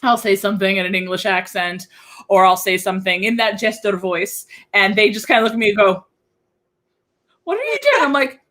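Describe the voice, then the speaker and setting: A young woman chatting casually in an interview, bubbly and giggly with quick asides. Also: medium pitch, level tone, fairly bright tone. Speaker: game master.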